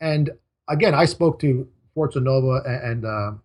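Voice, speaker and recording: A man's voice: mid-range voice, moderate pace, darkish tone. A man talking as an interview guest, emphatic, in short punchy sentences. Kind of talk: casual interview talk.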